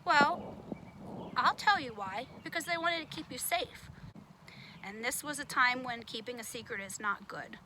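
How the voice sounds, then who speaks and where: A woman teacher leading a children's puppet lesson, patient and gently explaining. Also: high voice, unhurried, background noise.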